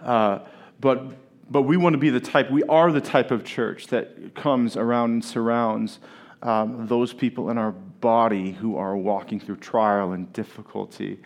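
A male pastor preaching a sermon at a church service, earnest and deliberate, leaning on key words with long pauses, and joking easily with his congregation. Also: on the low side, fairly even intonation. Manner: playful banter with the congregation.

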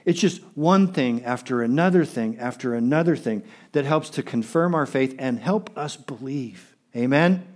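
A man's voice: mid-range voice, lively intonation, normal speed, hardly any pauses, a little mellow. A pastor preaching a sermon, emphatic and repeating phrases for stress while he speaks straight to his congregation.

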